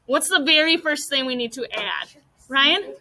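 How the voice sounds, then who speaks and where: A woman's voice: high-pitched, expressive, unhurried, sharp tone, poor audio. A woman teaching a classroom mini lesson, patiently walking students through each step with guiding questions.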